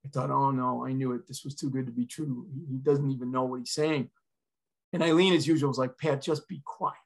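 A man's voice: mid-range voice, fairly even intonation, a little fast, creaky. A middle-aged man, a retired fire chief, telling a personal story in an earnest, emotional way as a podcast guest.

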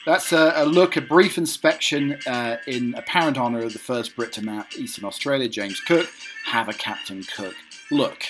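A man hosting a casual segment, reading out lists haltingly with many ums and uhs. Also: medium pitch, a bit bright, soft background music. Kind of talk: casual read-through of lists.

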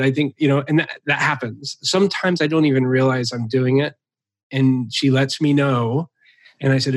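Male podcast host, mid pitch, dry close-miked sound; affirming, hesitant restarts. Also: steady tone, normal speed, no echo. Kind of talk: conversational interview.

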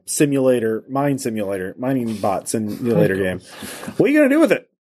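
A man's voice: medium pitch, sing-song, quick pace, darkish tone. A man narrating as game master for a tabletop game, in a loose, chatty way with frequent laughter.

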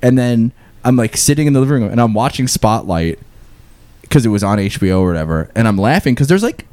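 A man's voice: mid-range voice, fast, no echo. A man chatting casually on a podcast, telling stories and laughing often. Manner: animated storyteller, laughs often.

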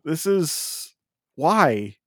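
A man's voice: fairly high pitch, drawn-out words, no room sound. Jokey man on a podcast, dry mic. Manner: animated, jokey, stumbling restarts. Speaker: podcast co-host. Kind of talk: casual chat.

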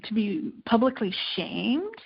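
Animated woman telling her story. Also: on the high side, takes it slowly, vocal fry, breathy edge, dull audio. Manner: animated, tells anecdotes with acted-out quotes. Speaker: interview guest, lifestyle and food editor. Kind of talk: candid conversational storytelling.

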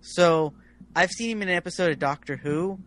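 A man on a casual podcast, giving measured and candid opinions about a TV show. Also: high-pitched, a bit bright. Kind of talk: casual discussion of a TV episode.

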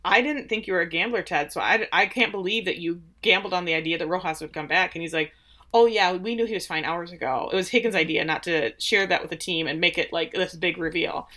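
A woman's voice: lowish voice, fast talker, sharp tone. A woman co-hosting a casual chat, animatedly retelling scenes and acting out quoted lines. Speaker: podcast co-host. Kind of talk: casual chat recapping a show.

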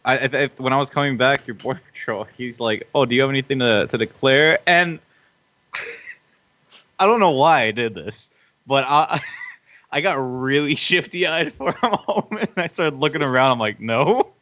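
A man's voice: medium pitch, lively intonation, normal speed, bright, forceful tone, lo-fi sound. A man chatting as a podcast guest, telling travel stories in a hesitant, rambling way with laughs along the way. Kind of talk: casual chat.

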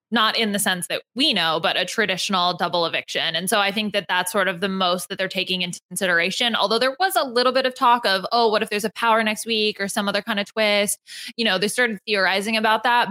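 Brief: female podcast co-host, bright tone, lively and reactive. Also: medium pitch. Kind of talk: casual chat.

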